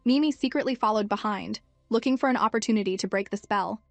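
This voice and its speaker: A woman reading a scripted story recap as narrator, in a steady storytelling manner. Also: medium pitch, fast, gravelly, dry recording. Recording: dry close mic with faint music.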